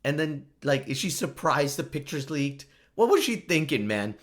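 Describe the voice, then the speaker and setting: A man's voice: on the high side, big pitch swings, normal speed. A man hosting a solo podcast, rambling and joking, laughing often at his own remarks. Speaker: podcast host.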